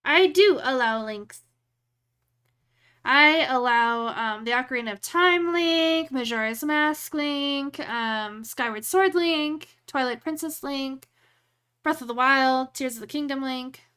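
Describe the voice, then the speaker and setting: A woman's voice: high voice, pushed and bright, smooth. A young woman streaming live, chatting casually and joking at her own expense. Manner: joking, self-deprecating, quick laughs.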